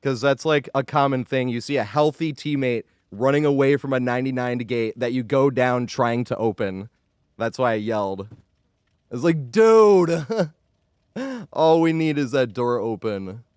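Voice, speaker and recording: A man commentating his own live gameplay stream in a chatty way, shouting at the game when it goes wrong and then apologizing, and thanking viewers as he plays. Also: mid-range voice, moderate pace, clean tone, dry recording, clean studio sound.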